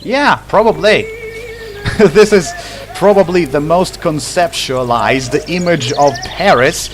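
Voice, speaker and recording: A man's voice: on the high side, slow pace, music in the background. A man giving casual let's play commentary, chatty, laughing at the game, a non-native English speaker. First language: not English.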